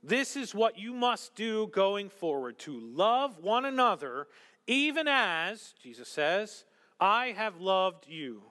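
A man preaching a sermon as pastor, animated, acting out quotes and dropping to hushed whispers. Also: sits high, takes it slowly, big-room sound.

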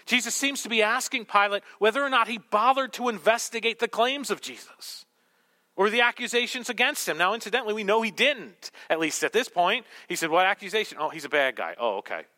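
A male pastor delivers a sermon to a congregation in a high, bright voice. He leans hard on key words, then falls to a near whisper for emphasis. His delivery stays theatrical and insistent throughout. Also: a little fast. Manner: dramatic swings from loud emphasis to hushed whisper. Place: church hall with congregation.

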